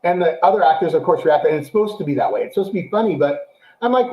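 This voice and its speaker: A man co-hosting a casual show, chatting animatedly about a TV series and acting out quotes in a high, excited voice. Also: quick pace, reverberant, lo-fi sound. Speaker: podcast co-host. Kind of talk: casual chat, show review.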